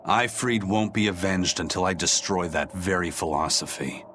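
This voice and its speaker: A stern, seasoned fighter speaks in a lowish, gruff, level voice, calm and matter-of-fact. A faint ambient hum sits under the game dialogue. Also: male voice, moderate pace. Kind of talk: game voice acting.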